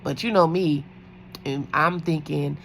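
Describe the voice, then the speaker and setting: A woman's voice: deep voice, fairly even intonation, unhurried, creaky, fairly bright tone, a little hiss or hum, rough recording. A woman who works as a night-shift nurse, chatting casually in a storytime vlog, rambling with lots of fillers.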